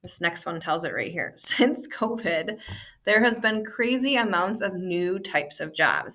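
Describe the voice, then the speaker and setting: A woman teacher talks a class through future careers in an easy, encouraging way. Her voice is bright and clear, with casual fillers as she explains. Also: fairly low pitch. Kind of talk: classroom lesson.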